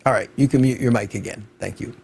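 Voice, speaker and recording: A man's voice: lowish voice, fast talker, gravelly, a little mellow, breathy edge. An older man hosting an unscripted livestream, chatting casually and greeting viewers by name from the chat. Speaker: livestream host.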